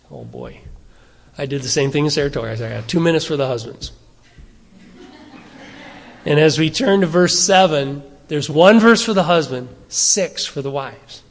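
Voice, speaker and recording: A man preaching a sermon in a loose, conversational manner, asking his listeners question after question. His voice sits a little high for a man. The sound carries a long reverb, as in a large sanctuary. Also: fairly bright tone. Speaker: pastor.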